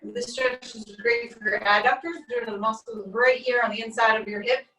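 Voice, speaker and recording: A woman's voice: a little high, moderate pace. Woman leading stretches, distant and echoey. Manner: calm step-by-step cueing. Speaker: stretching instructor. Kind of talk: guided stretching class. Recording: echoey room, distant mic, faint music.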